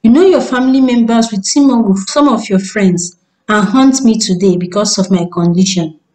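A woman's voice: mid-range voice, moderate pace, warm tone, natural voice, low-quality recording. A woman voicing a weary, grieving young wife who speaks in a pleading, tearful way. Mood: distressed.

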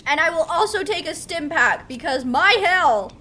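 A woman streamer giving casual gameplay commentary, excitable and talking to herself, with yelps as she plays. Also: very high voice, moderate pace, a little hiss or hum. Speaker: gaming streamer.

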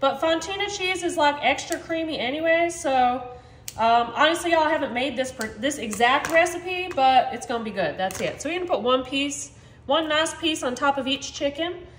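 High-voiced chatty woman cooking. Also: expressive, moderate pace, a little hiss or hum. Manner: chatty and upbeat, talks to viewers directly. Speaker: home cooking vlogger. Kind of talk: casual cooking demonstration. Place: home kitchen. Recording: echoey kitchen room.

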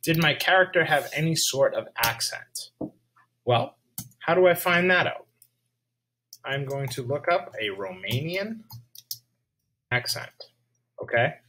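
A male teacher giving a lesson video, speaking slowly and checking in with his students. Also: medium pitch, pushed and bright, a little hiss or hum, poor audio. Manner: slow, checks in with "all right?".

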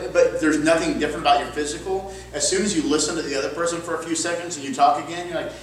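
A man teaching an improv workshop in an upbeat, chatty way, sprinkling in quick asides. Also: fairly high pitch, a little hiss or hum. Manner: upbeat, quick asides, frequent "cool" and "okay". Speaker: improv coach. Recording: echoey room, far from mic.

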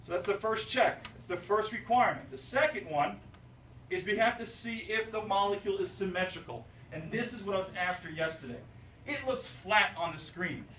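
A male chemistry teacher lecturing his class, animated and jokey, asking students questions. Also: sits high, moderate pace, a little hiss or hum. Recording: roomy, distant classroom recording.

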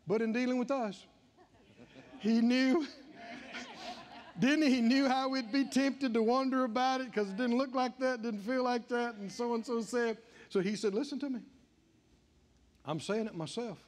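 A man's voice: very high-pitched, measured pace, pauses often. A man preaching a sermon to a congregation, repeating his lines and calling on them to answer back. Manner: call-and-response preaching, repeating lines with rising emphasis. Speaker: pastor. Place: church sanctuary with congregation.

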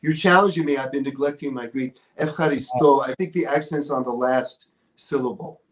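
A man's voice: mid-range voice, fairly quick. A man who is a guest musician, chatting modestly and thoughtfully in a casual interview.

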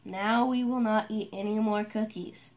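A woman's voice: mid-range voice, steady tone, a little slow, darkish tone, natural voice. A woman reading a sensible, patient frog. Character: sensible male frog trying for willpower.

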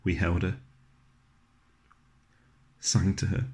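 Deep-voiced man telling a monologue. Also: monotone, slow, a little mellow. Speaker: actor performing a monologue. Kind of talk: scripted dramatic monologue.

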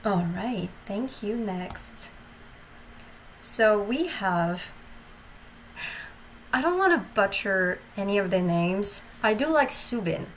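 A woman chats through a reaction video in an unhurried, halting way, full of ums and gushing asides. Her voice sits at an ordinary middle pitch. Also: expressive, slight background noise, rough recording. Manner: gushing and hesitant, many ums. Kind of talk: casual reaction commentary.

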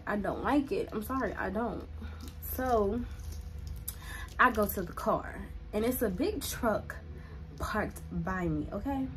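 Young woman doing a storytime vlog, says like a lot, dramatic retelling. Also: medium pitch. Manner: chatty, lots of "like" fillers, dramatic retelling. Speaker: vlogger.

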